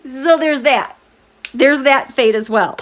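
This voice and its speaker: A woman with a high-sitting voice speaks slowly while running a nighttime tarot livestream from home. She's animated and casual with her viewers, laughing a lot and reading out their comments.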